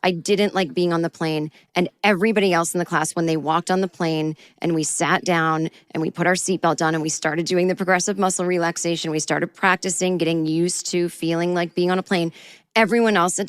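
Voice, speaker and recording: A woman's voice: lowish voice, a little fast, clear, resonant tone, no room sound. Wry woman telling a story. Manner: wry, self-deprecating, animated retelling. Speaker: podcast host and comedian. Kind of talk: solo storytelling monologue.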